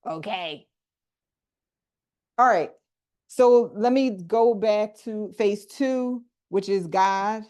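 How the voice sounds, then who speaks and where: Animated woman coaching a group call. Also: medium pitch, very slow, long pauses, clear, resonant tone. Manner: animated, talks to the group directly with slang. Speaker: coach leading a group workshop. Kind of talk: casual teaching on a video call. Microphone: video call.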